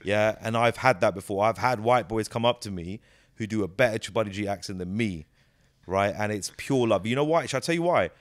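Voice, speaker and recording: A man, a comedian giving a casual interview, animated and jokey, swearing freely and slipping into quick character voices. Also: lowish voice, no echo, clean studio sound. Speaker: comedian and actor, guest.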